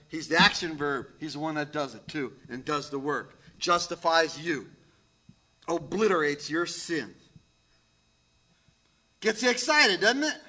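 A man's voice: high-pitched, bright, forceful tone. A man preaching a sermon, emphatic, with dramatic drops to near whispers. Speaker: pastor.

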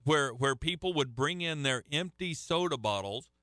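A man's voice: on the high side, animated, normal speed, sharp tone, no room sound, clean studio sound. A middle-aged man preaching a sermon to a live congregation, telling folksy stories and often restarting his sentences. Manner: folksy storytelling with frequent restarts. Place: church hall with a live audience.

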